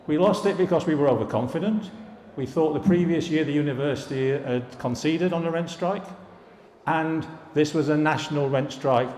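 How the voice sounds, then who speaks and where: A man's voice: medium pitch, a little mellow, slight background noise. An older man gives an anecdotal anniversary speech to alumni, recalling student days with wry asides and jokes. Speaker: former students' union president giving an anniversary speech. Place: large hall at a live event. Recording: echoey hall, reverberant room.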